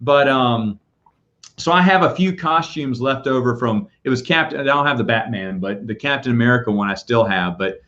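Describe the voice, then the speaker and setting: A man's voice: medium pitch, normal speed. Rambling man host, lo-fi sound. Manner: rambling, animated storyteller. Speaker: podcast host. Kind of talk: casual chat. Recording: dull lo-fi audio.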